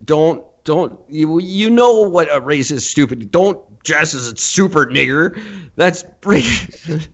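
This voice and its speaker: A man hosting a podcast rants bluntly and profanely in casual talk, laughing often. His voice is on the high side, animated but slow, and the sound quality is lo-fi.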